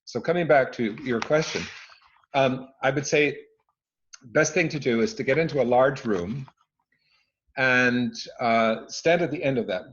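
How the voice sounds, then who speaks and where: A man in his living room speaking on a video call, an expert answering interview questions with emphatic, expressive delivery and frequent restarts. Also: mid-range voice, a little slow, slight background noise. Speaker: speaking coach and former conductor. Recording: dull lo-fi video call audio.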